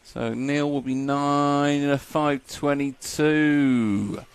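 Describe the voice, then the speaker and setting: A man's voice: on the high side, steady tone, takes it slowly, smooth, no room sound. A man giving live commentary at a model car race, chatty and joking, laughing often.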